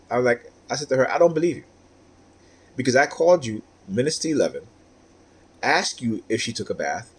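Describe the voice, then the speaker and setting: A man's voice: mid-range voice, big pitch swings, brisk, pauses often, slightly rough. A man talking straight to camera in a personal monologue, aggrieved and repetitive, tagging his points with "right?". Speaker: vlogger.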